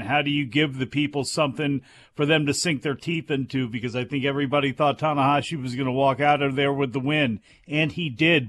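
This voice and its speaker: A man's voice: a little high, a bit bright. A man co-hosting a podcast, making his point through a run of rhetorical questions. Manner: asks rhetorical questions in a row. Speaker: podcast co-host. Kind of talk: casual wrestling podcast chat.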